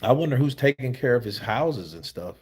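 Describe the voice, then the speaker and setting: A man's voice: mid-range voice, expressive, fairly quick, a little mellow, breathy edge. A tired man hosting boxing commentary, reading viewer comments in a loose, slangy, laid-back way. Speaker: host of a boxing news channel.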